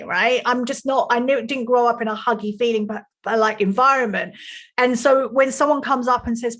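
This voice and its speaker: A woman's voice: a little high, moderate pace, fairly bright tone. A middle-aged woman coach talking bluntly and animatedly in a casual interview, swearing freely. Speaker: life and sex coach.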